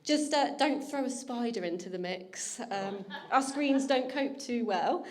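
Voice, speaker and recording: A woman's voice: on the high side, expressive, unhurried. A young woman, the bride's older sister, giving a teasing, affectionate wedding speech and laughing often. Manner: warm teasing, laughing often, getting emotional. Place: wedding reception hall.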